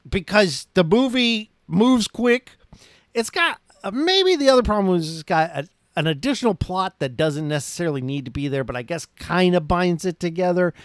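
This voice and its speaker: A podcast host reviewing a movie recaps its plot casually, rambling with enthusiasm and plenty of restarts and fillers. His voice is on the high side, captured with clean studio sound and no echo.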